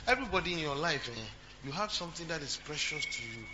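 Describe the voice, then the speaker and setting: A pastor with a slightly high voice talks fast and animatedly, preaching to his congregation in a church. He repeats phrases, jokes, and poses questions to the crowd. The recording is dull, with a humming noise underneath.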